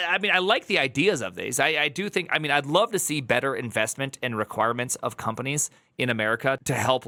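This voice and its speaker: A man reacts to a video on a live stream, joking and restarting his sentences, often jumping up in pitch. His voice is bright and forward. The sound is dry and close. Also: dry recording. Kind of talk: casual live-stream commentary.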